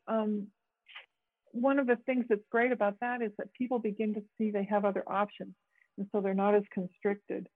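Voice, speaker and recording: A woman's voice: medium pitch, no echo. Woman teaching over tinny call audio. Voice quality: halting, with many fillers and restarts. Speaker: group facilitator and therapist. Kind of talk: teaching on a group video call.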